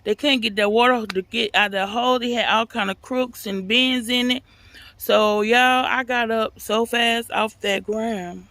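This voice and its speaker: A woman vlogger telling a personal story in a casual, animated way, talking straight to her viewers. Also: fairly high pitch, measured pace, dry recording.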